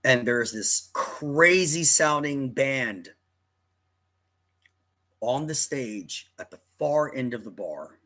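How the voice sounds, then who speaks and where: A man's voice: mid-range voice, lively intonation, slow, long pauses, pushed and bright. A man telling a personal story in a rambling, dramatic way, often correcting himself mid-sentence.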